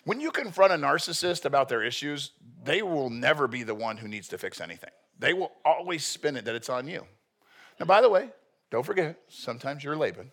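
A man's voice: mid-range voice, very animated, a little fast, creaky, fairly bright tone. A male pastor preaching a sermon in a blunt, earnest, joking manner.

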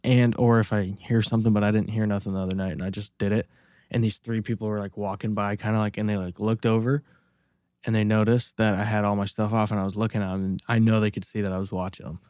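A man's voice: fairly low pitch, little pitch movement, fast talker, darkish tone, no room sound, clean studio sound. Rambling, cursing man telling stories. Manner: rambling, profane, storytelling with many restarts. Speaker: podcast co-host. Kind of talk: casual podcast chat.

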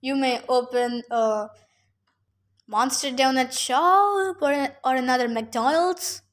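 A woman reading a novel chapter aloud for her podcast, eager and a little halting with restarts. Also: sits high.

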